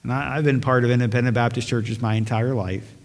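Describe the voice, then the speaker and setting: A man's voice: mid-range voice, fairly even intonation, fairly quick. A male pastor preaching a sermon and leading prayer, earnest and emphatic, repeating phrases for stress. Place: church sanctuary. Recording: long hall reverb.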